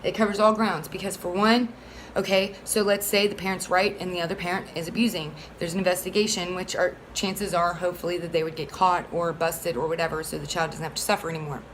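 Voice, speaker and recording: A woman's voice: on the low side, flat delivery, fast, few pauses, a little hiss or hum, low-quality recording. A woman speaking as a single mother, pleading earnestly for support of a bill in a rambling, heated way full of fillers. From Florida. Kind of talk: casual advocacy monologue.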